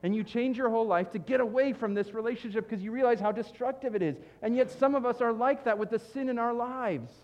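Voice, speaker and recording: A man preaching a sermon as a pastor, animated, acting out comic voices in his examples. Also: very high-pitched, fast, hardly any pauses, big-room sound, lo-fi sound.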